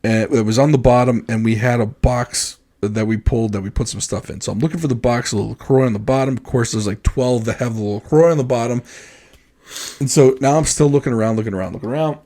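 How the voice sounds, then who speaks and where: A podcast co-host shares a story in easygoing chat, animatedly impersonating the people whose words he quotes. He has a mid-range voice and talks at a quick pace.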